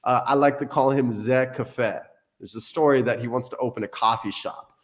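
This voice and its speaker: Guy rambling on his livestream, jokey, swears a bit, middle pitch. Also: a little fast. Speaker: crypto livestream host. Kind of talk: casual livestream chat. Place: Portugal.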